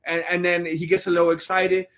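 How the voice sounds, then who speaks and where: A man's voice: high-pitched, brisk. A man doing casual, jokey live-stream commentary on fight news and thanking chat members. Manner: animated, jokey, reads chat donations aloud.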